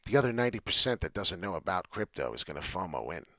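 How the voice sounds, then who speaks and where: A man hosting a crypto show, excitable and rambling, jumping from loud hype to low mutters with many fillers. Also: fast talker, dry recording, highs cut off. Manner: hyped and loud, swings between shouting and muttering. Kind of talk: excited solo crypto talk.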